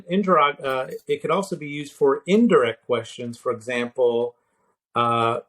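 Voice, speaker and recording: Man slowly explaining Greek grammar forms. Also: medium pitch. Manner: explaining patiently, with many fillers and restarts; spells out word forms slowly. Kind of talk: conversational grammar lesson.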